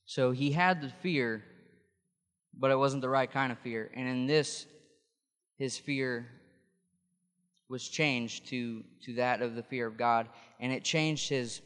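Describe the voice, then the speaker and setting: A man's voice: medium pitch, takes it slowly, long pauses, fairly bright tone, clean tone, long reverb tail. A man preaching a sermon, explaining scripture in a conversational way with frequent restarts. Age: adult.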